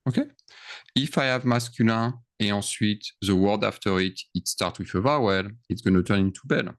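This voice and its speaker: A man's voice: fairly low pitch, normal speed. A man teaching a grammar lesson over screen share, thinking aloud and checking in with frequent questions. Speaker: French teacher.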